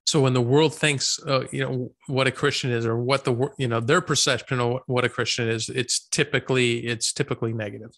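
A man co-hosting a faith podcast, speaking in a measured way and steering the conversation. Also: mid-range voice, steady tone, a bit bright. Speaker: podcast co-host. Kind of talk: casual faith discussion.

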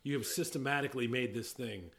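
Middle-aged man, average pitch, loose rambling talker who cuts himself off and laughs a lot; casual podcast co-host. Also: quick pace, fairly bright tone. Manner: rambling, self-interrupting, laughs easily. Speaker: podcast co-host, whiskey industry veteran. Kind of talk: casual chat.

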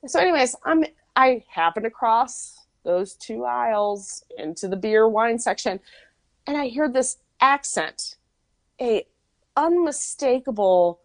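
A woman's voice: mid-range voice, no echo. Chatty woman telling a story, dry close mic. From Minnesota. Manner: chatty storyteller, lots of "like" and asides. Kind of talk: casual chat.

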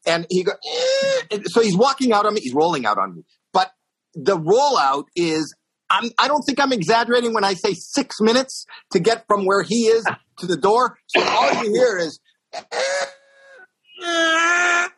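A middle-aged man telling a long comic story on a talk show, acting out the voices with high squeaks. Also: big pitch swings, moderate pace, a bit bright, slightly rough, low-quality recording. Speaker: stand-up comedian guest telling a story.

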